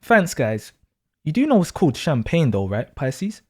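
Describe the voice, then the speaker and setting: A man's voice: fairly high pitch, sing-song, normal speed, a little mellow, pitched below the performer's own voice. A man voicing a boastful, snobbish wealthy businessman and father. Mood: smug.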